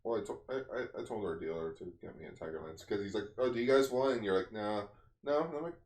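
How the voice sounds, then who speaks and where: A man co-hosting a podcast in casual chat, telling stories with halting restarts and steering the conversation. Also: fairly low pitch, roomy sound. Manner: animated storyteller, halting restarts, steers the talk. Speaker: podcast co-host.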